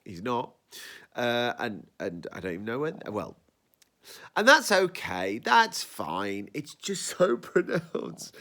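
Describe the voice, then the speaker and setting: Male podcast host, lively, rambling, talks over himself. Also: medium pitch. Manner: animated, rambling, self-interrupting. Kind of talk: casual review chat.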